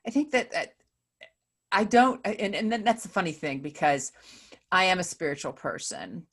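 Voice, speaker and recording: A woman hosting an interview podcast, asking thoughtful, searching questions with halting restarts. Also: lowish voice, expressive, a bit bright, breathy edge. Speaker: podcast host. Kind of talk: conversational interview.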